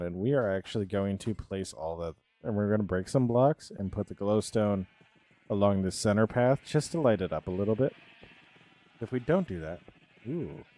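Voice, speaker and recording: A man's voice: on the low side, darkish tone, dry recording. A man chatting casually on a live game stream, rambling and answering his viewers' chat as he plays.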